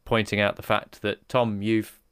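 An easygoing man co-hosting a podcast, rambling loosely and laughing often. His voice is low and smooth, recorded close and dry with no room around it. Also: level tone, normal speed, a bit bright, no echo. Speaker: podcast co-host. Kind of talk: casual podcast chat.

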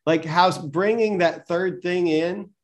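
A man's voice: high voice, a little slow. Wry, joking man from the American South. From Southern United States. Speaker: podcast co-host, churchgoer. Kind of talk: casual chat.

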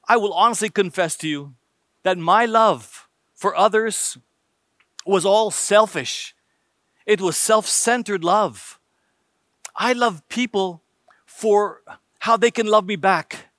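A man's voice: high voice, fairly bright tone, no room sound, studio quality. A man preaching a sermon emphatically, using rhetorical questions and numbered points.

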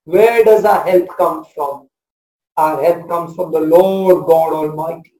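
High-voiced pastor in his forties. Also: takes it slowly, roomy sound, rough recording. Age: 40s. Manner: passionate, swings between loud proclamation and soft hush. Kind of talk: sermon.

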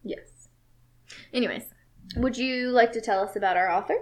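A woman's voice: a little high, normal speed. A woman co-hosting a casual book podcast over drinks, chatty and playful. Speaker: podcast co-host.

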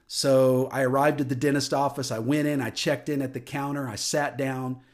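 A man giving a personal testimony into a microphone, telling a story earnestly and dropping soft and low at emotional moments. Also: flat delivery, normal speed. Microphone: studio microphone.

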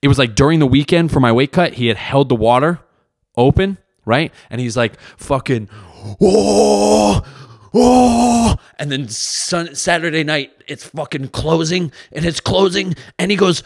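A man's voice: on the high side, normal speed, no room sound, clean studio sound. A young man hosting a solo podcast, talking in a rambling, profane, self-mocking way. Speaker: podcast host. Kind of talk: casual solo podcast monologue.

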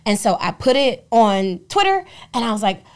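A young adult woman co-hosting a podcast, telling stories in a lively, profane, casual way. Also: a little high, moderate pace. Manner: animated, profane storytelling. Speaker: podcast co-host. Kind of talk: casual chat.

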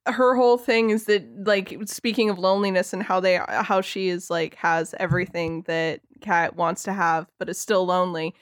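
A woman's voice: fairly low pitch, fairly even intonation, moderate pace, few pauses, no echo, studio quality. A woman co-hosting a podcast, talking films through casually and picking her words as she goes. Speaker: podcast co-host. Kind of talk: casual film discussion.

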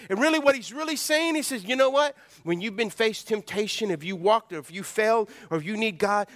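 A man's voice: extremely high pitch, animated, fairly quick, a bit bright. A man preaching a sermon to his congregation, calling out for responses and acting out a heartfelt prayer. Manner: emphatic preaching, calls out to congregation, acts out prayers. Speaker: pastor.

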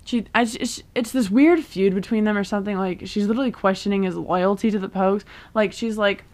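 A woman's voice: medium pitch, a little fast, hardly any pauses, a little mellow. Young woman, vlogger, chatty, casual show recap, lots of asides.

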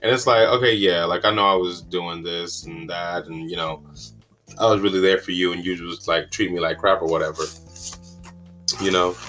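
A man talks through a casual solo podcast in a lowish voice, drifting from thought to thought with plenty of fillers and sudden exclamations. Soft guitar music plays faintly behind him. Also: fairly even intonation, normal speed. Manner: rambling, chatty, with many fillers and exclamations. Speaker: podcast host.

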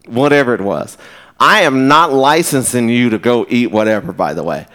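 A man preaching a sermon in a conversational, storytelling way, with quick asides. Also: mid-range voice, lively intonation, a bit bright. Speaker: pastor. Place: church.

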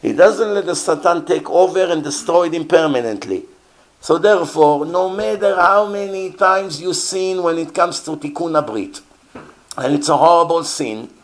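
A man teaching as a rabbi in an earnest, emphatic sermon, often repeating rhetorical questions. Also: fairly high pitch.

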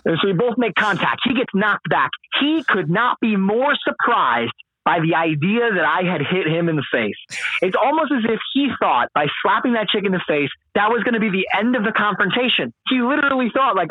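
A man's voice: high-pitched, fairly quick, no room sound. A man casually telling a wild story on a podcast, swearing often and packing his talk with fillers. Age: late 20s or older. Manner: animated, profane, lots of fillers. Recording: husky voice over a dry, phone-like line.

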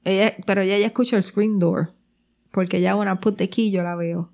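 A woman telling animated stories in casual chat, switching between English and Spanish, swearing freely and often laughing. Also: medium pitch, fast talker, creaky. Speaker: girlfriend telling stories about her partner.

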